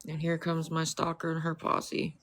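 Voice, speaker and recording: A livestreamer with a creaky, gravelly voice of middling pitch, talking casually to a chat. The delivery is apologetic and pleading, with the same appeal repeated again and again, and it sours into bitter anger at a rival. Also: completely flat delivery, moderate pace, a bit bright. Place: indoors with dogs.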